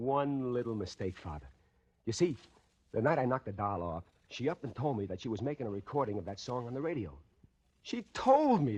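A man's voice: medium pitch, husky, highs cut off. An actor playing a condemned male killer in a radio drama, talking tough-guy slang and pressing others with taunting questions. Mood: bitter. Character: condemned male killer, boastful, cracking under fear. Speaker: prisoner. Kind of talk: 1940s radio acting.

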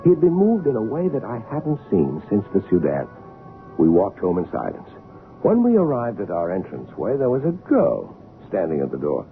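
A man narrating and acting in an old radio drama with lively storytelling. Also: fairly low pitch, normal speed, faint music behind. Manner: lively storytelling, voicing soldiers. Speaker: narrator and actor. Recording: tinny lo-fi old radio recording.

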